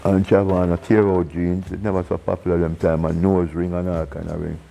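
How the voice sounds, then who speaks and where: Jamaican man, reggae singer, interview storytelling, low voice, mellow tone, animated, acts out voices. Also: brisk, vocal fry, low-quality recording. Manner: animated storyteller who acts out quoted voices and laughs often.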